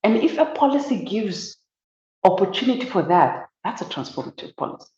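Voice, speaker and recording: Woman, lively storyteller, medium pitch, roomy dull call sound. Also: fairly quick. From Zimbabwe. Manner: animated, acts out quoted voices. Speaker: academic guest. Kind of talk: conversational storytelling.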